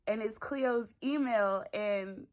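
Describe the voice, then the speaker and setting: A young vlogger and talk show creator speaks a little high while filming a personal, emotional video in her bedroom. Tears come and go as she gushes, rushing out words in bursts thick with fillers, especially "like."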